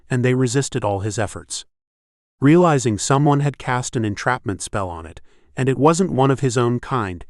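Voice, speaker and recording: A man's voice: medium pitch, no echo. Man narrating an audiobook, dry sound. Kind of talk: scripted narration.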